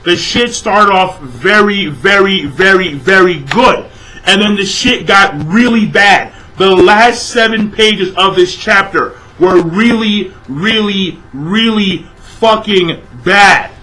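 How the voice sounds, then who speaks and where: Young male vlogger, high bright voice, exasperated profane rant with shouted bursts. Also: slow, poor audio. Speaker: manga reviewer. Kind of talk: ranting manga review vlog.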